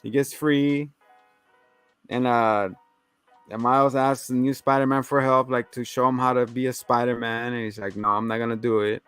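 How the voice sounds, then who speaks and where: A man chatting through a movie plot in a loose, rambling way, now and then acting out what the characters say. His voice is smooth and clear and sits in the middle of the pitch range. It is recorded dry and close, with faint music behind him. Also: steady tone, moderate pace, a bit bright, no room sound. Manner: rambling, laughing, acts out lines. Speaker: podcast co-host. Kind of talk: casual movie recap chat.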